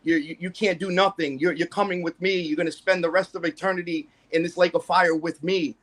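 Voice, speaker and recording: A man's voice: on the high side, steady tone, a little fast, a bit bright. A man voicing a cruel male devil who jeers and gloats, retelling it as a quote in a story. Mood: taunting. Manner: mocking, repetitive jeering.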